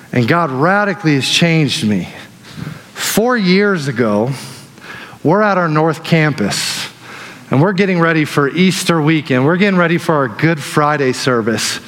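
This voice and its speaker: A man preaching a sermon as pastor, telling stories in an animated way that swings between loud and hushed. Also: a little high. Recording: long hall reverb.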